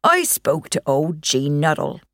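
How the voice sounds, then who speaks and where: A woman reading a novel aloud, voicing an old male countryman who passes on local gossip in a slow, emphatic way. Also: sits low, very animated, a bit bright, no echo, clean studio sound, heavily acted. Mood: gossipy. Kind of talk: audiobook character reading.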